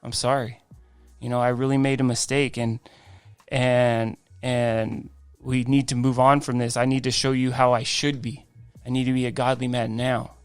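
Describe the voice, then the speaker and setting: A man, a guest on a faith podcast, telling his life story in an animated way, acting out quoted dialogue. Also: mid-range voice, normal speed, smooth, no room sound, soft background music. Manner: frequent restarts and "I'm like" quoting.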